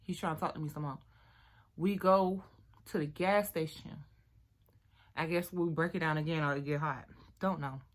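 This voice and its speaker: A young woman vlogger chatting through a storytime while doing her hair, animated and talkative, sometimes dropping to a hushed voice. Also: deep voice, normal speed, pauses often. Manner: animated, chatty, drops to near-whisper at times.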